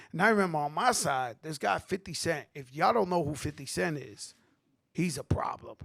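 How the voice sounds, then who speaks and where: A middle-aged man with a New York accent, telling animated stories at a tribute panel, acting out quotes and swearing freely. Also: a little high, normal speed, creaky. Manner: animated street storytelling, acts out quotes, swears. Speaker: host.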